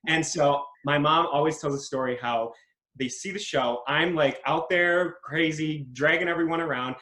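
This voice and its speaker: A male actor from Minnesota, telling stories in an animated, joking way during a casual interview. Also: medium pitch. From Minnesota, USA. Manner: animated, jokey storytelling. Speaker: guest actor. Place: home in New York City. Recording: echoey room.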